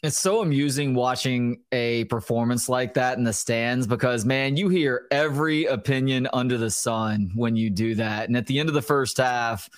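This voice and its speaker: A man's voice: mid-range voice, fairly even intonation, normal speed, hardly any pauses, no room sound, studio quality. A man co-hosting a sports podcast, chatting and telling stories in casual talk. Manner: chatty, storytelling.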